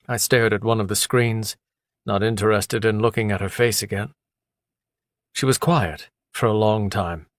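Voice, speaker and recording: A man with a deep voice narrating a dark novel in the first person, in a measured, brooding manner. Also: dry recording, clean studio sound. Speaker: audiobook narrator.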